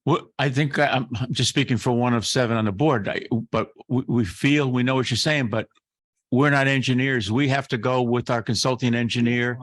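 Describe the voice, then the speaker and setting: A man running a town planning board meeting. He answers a resident in a measured, reassuring way. His voice has a dry, close sound. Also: medium pitch, steady tone, dry recording. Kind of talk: calm meeting discussion.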